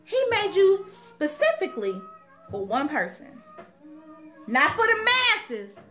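A woman's voice: very high voice, huge pitch swings, slow pace, over music. A young woman hosting her own channel, talking straight to the viewers in a casual, outspoken chat and telling stories with a lot of animation. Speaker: vlog host.

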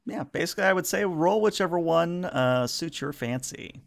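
A man's voice: on the high side, lively intonation, moderate pace, vocal fry, no echo. A man narrating a tabletop game as game master, in a dry, matter-of-fact way.

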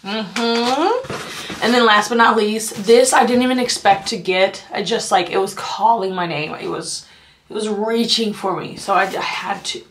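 Woman, beauty vlogger, casual haul chat, gushing, chatty, lots of fillers, medium pitch. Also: a little slow, a little hiss or hum. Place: her apartment.

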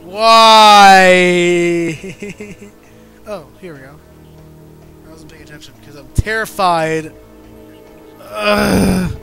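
A man's voice: high voice, slow, long pauses, bright, forceful tone. A young man commentating his own gameplay, panicking, yelping and pleading with the enemies on screen, then muttering as he reads and plays. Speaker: let's play gamer. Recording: game music behind the voice.

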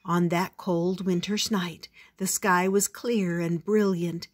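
An older woman reading a picture book aloud in a slow, gentle storytelling manner. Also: fairly low pitch, steady tone.

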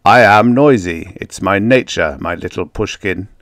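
A man doing a booming, bearish big linguist. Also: unhurried, a bit bright, dry recording, clean studio sound. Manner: booming, boisterous.

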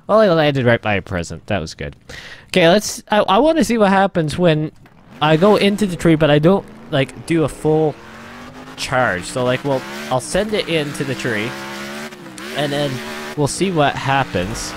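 A man's voice: on the high side, measured pace, slight background noise. A man hosting a gaming channel, giving rambling let's-play commentary with lots of laughter and exclamations. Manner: excitable, laughs and exclaims often; rambling, repeats himself.

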